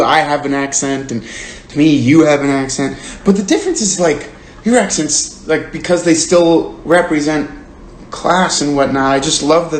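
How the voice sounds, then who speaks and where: A man hosting a book club over a phone livestream, casual and earnest, rambling with lots of "like". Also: a little high. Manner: rambling and earnest, heavy use of "like". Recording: roomy with faint hiss.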